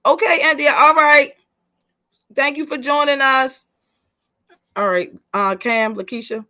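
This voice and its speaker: A woman's voice: high-pitched, slow, pushed and bright. Candid woman hosting a video call. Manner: candid, chatty, talks straight to the group. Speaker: host leading a leadership session. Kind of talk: casual presentation on a video call.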